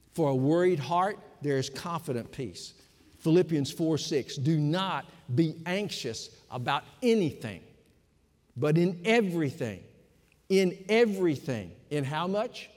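Male pastor, measured emphatic sermon, slightly high voice, reverberant church hall. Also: expressive, a little mellow. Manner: slow, emphatic preaching with pauses.

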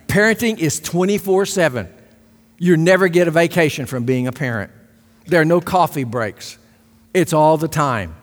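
A man's voice: fairly high pitch, long reverb tail. A middle-aged man preaching a sermon, emphatic, repeating key phrases and asking the congregation for agreement. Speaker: pastor.

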